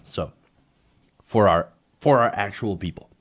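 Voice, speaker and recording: A man's voice: fairly low pitch, measured pace. A young man hosting an online political commentary show, talking in a conversational, opinionated way with frequent hesitations.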